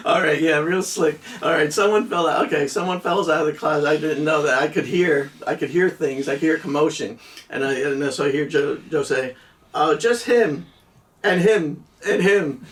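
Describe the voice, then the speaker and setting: A man's voice: a little high, steady tone, moderate pace, fairly bright tone, recorded from a distance. A middle-aged man from New Jersey casually telling a rambling story with many restarts and laughs. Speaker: podcast co-host.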